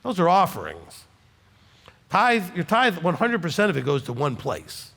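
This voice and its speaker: A man's voice: high voice, huge pitch swings, normal speed, gravelly, a bit bright, in a large hall. A man with a Southern US accent, a rabbi from Alabama answering congregants' questions conversationally and often adding "okay?" for emphasis. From Alabama, USA. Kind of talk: congregational Q&A teaching. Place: congregation hall.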